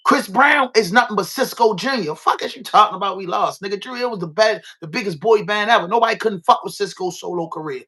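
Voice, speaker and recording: A man's voice: high-pitched, quick pace, few pauses, sharp tone, slightly rough. A man from Baltimore with a Baltimore accent, hosting a podcast and ranting casually with heavy profanity and emphatic repetition. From Baltimore, USA. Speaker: podcast host. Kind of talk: casual rant.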